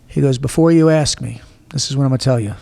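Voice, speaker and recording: A gravelly man in his forties tells his life story bluntly, swearing freely. His voice has a rough edge and trails off into a long reverb. He sounds animated and plain-spoken. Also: mid-range voice, quick pace. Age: 40s. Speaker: guest. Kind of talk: casual storytelling interview.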